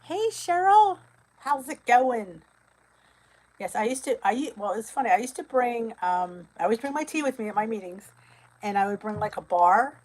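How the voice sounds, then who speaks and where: A middle-aged woman from New Jersey hosting a casual live-stream chat, chatty and quick to laugh as she answers viewer comments. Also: mid-range voice, rough recording. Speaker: weight loss channel host.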